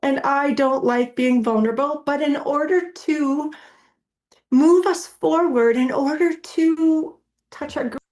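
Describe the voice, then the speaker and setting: High-voiced lady talking slow, earnest and a bit halting, kinda emotional. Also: darkish tone. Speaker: guest on a show. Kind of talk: emotional personal talk.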